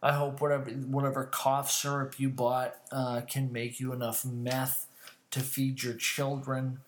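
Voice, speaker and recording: Guy doing a foul-mouthed angry rant, drawn out and slow. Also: mid-range voice, little pitch movement, a little hiss or hum. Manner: heated, swearing, insulting. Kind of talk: profane comedic rant.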